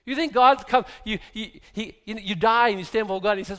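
A man's voice: high-pitched, fast, a bit bright. A man preaching a sermon, emphatic and sarcastic, firing rhetorical questions at the congregation. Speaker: pastor.

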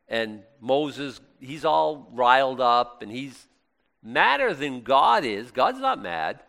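A man preaching a sermon as a pastor, animated and conversational, full of exclamations and restarts. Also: mid-range voice, measured pace, vocal fry, big-room sound.

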